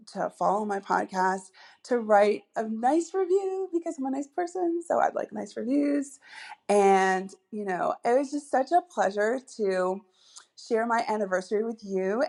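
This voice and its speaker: A woman's voice: mid-range voice, creaky. A woman hosting a solo podcast as a dating coach, chatty and upbeat, with many asides and fillers.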